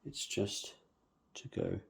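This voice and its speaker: A man casually talking viewers through a hands-on planting tutorial, chatty and humming little nonsense syllables as he works. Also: slow pace. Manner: chatty, talks to viewers while working, hums nonsense syllables. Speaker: bonsai planting demonstrator.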